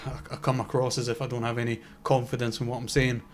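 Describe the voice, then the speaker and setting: A man's voice: mid-range voice, little pitch movement, fast, slight background noise. A young man, co-hosting a casual podcast chat and rambling with lots of restarts and swearing. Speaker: podcast co-host.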